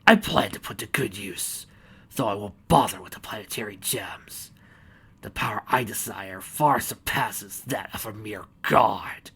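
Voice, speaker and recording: A man's voice: sing-song, gravelly, slightly rough, full character voice. A man voicing a smug sun titan pony queen. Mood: smug gloating. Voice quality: deeper and more melodic. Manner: gloating, slow and menacing.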